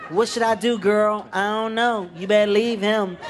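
A man's voice: fairly even intonation, normal speed, a crowd in the background, noisy background, close to an everyday voice. A man doing a squealing woman in a rom-com. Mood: dramatic. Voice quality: high squealing. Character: gossiping woman in a romantic comedy. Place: live venue with audience.

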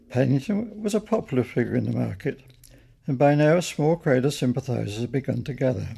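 An older man reading his own children's story aloud in a gentle, unhurried storytelling manner. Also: medium pitch, animated, gravelly, slightly rough.

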